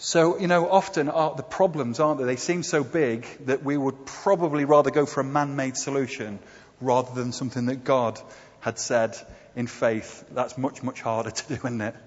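The preacher's voice sits at a medium pitch, steady and moderately paced. In his chatty slide-based sermon he keeps checking in with tag questions and pauses on fillers, and the audio has the dull echo of a hall.

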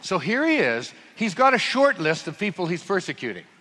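Male preacher, lively joking storyteller, bright voice, big hall echo. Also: sits high, fairly quick. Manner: humorous, storytelling, frequent restarts, sudden loud bursts. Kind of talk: sermon. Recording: long hall reverb.

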